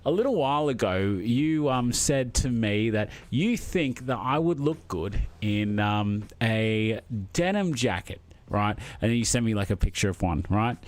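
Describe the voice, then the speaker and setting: A middle-aged Australian man chats on a live stream in a loose, easygoing way. He rambles, stops to chuckle, and fills pauses with plenty of ums and uhs. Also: lowish voice, animated. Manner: rambling, with many fillers and chuckles. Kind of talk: casual live-stream chat.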